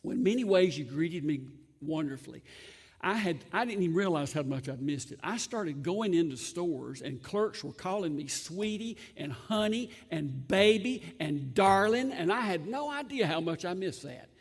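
Male Southern US pastor, high voice, folksy humor, long church reverb. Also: animated, normal speed, husky. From Southern United States. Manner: folksy, joking asides. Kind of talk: sermon.

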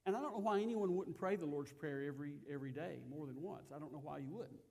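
A man preaching a sermon, emphatic and given to repeating his phrases, dropping to quiet asides and then rising again. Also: fairly high pitch, quick pace.

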